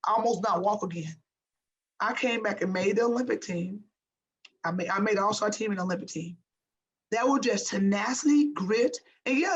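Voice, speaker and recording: Woman, 50s, ex-athlete interview guest; motivational, emphatic, repeats for emphasis, mid pitch. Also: highs cut off. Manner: emphatic and animated, repeats "I said" and "I'm telling you". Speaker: former pro basketball player, guest.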